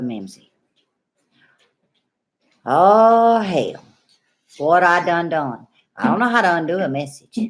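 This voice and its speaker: A middle-aged woman with a Southern US accent, telling a homestead story to her viewers in a folksy, animated way. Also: fairly low pitch. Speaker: homestead vlogger.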